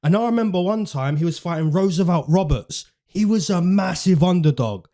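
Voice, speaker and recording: Chatty man with a mellow voice. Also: high-pitched, lively intonation, moderate pace. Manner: chatty, repeats phrases for emphasis, slangy. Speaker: fight prediction host. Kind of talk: casual commentary.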